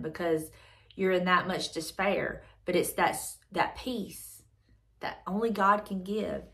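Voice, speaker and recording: A woman's voice: fairly low pitch, slow, a bit bright. A woman hosting a devotional channel, reading aloud and reflecting earnestly, repeating her phrases as she thinks things through.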